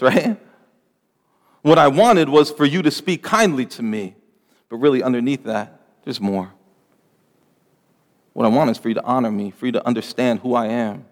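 A man's voice: mid-range voice, in a large hall. A man pastor delivering a sermon in an earnest, pleading manner, pushing his emphasis up through his lists.

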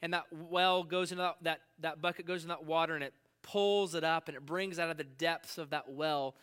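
A pastor in his forties preaching a sermon, slowing down and leaning hard on key words. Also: a little high, steady tone, a bit bright, clean tone. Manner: emphatic, slows down to stress key words.

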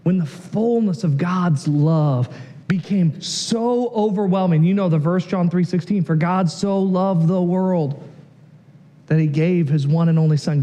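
A man in his thirties preaching a sermon in an animated, jokey way, often rising to a shout. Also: high-pitched, a little slow. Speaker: pastor.

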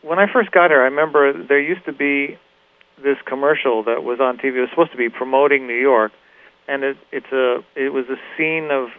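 A man from Los Angeles, a musician guest, reflecting in a halting way with frequent restarts and "you know". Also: mid-range voice. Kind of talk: reflective interview talk. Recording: tinny phone-like radio recording.

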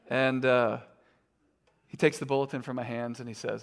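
A man's voice: medium pitch, little pitch movement, moderate pace, creaky. A middle-aged man preaching a sermon as a pastor, conversational and self-deprecating, with frequent fillers.

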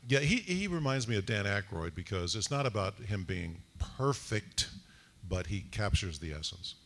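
A man's voice: lowish voice, very animated, moderate pace, a bit bright. A male actor on a convention panel, rambling casually with lots of fillers and restarts.

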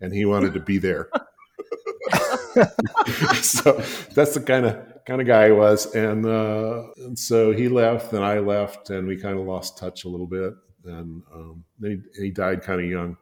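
Older male guest, deep-voiced raconteur, loose and chuckling with fillers. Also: fairly even intonation, measured pace, a little mellow. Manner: rambling, chuckling, frequent fillers. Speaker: guest, designer and author. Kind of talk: anecdotal storytelling in conversation.

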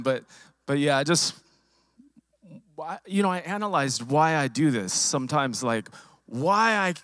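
A church musician with a fairly high, tenor-ish, fairly bright voice gives an emotional personal testimony to a congregation in the sanctuary. His halting delivery is full of restarts and repeats, captured dry and close on a handheld microphone.

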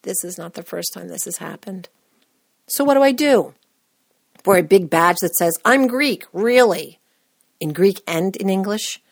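A woman's voice: fairly low pitch, normal speed, vocal fry, dry recording, clean studio sound. Wry woman narrating her podcast. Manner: wry, self-deprecating humor. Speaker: podcast host. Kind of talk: scripted personal narration.

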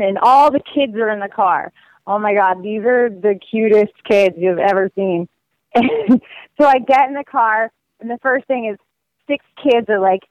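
A woman's voice: mid-range voice, no room sound, highs cut off. Chatty woman telling road stories. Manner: lively, with many likes and acted quotes. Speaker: guest describing her cross-country walk. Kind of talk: casual storytelling.

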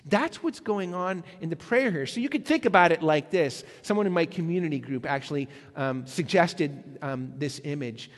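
Pastor guy giving a sermon, kinda high-pitched, lots of um and restarts, echoey hall. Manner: conversational preaching with hesitant fillers.

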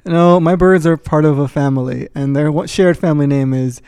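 A man's voice: on the high side, fairly quick, a little mellow, clean tone, dry recording, clean studio sound. A man co-hosting a podcast in casual chat, joking and self-deprecating. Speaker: podcast co-host.

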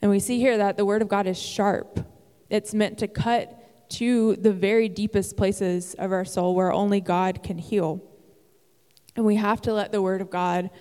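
A woman preaches with earnest encouragement in a warm, smooth voice. The sermon carries a long reverb from a large hall. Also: mid-range voice. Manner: earnest, encouraging, with occasional "um" fillers. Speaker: church speaker. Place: church sanctuary.

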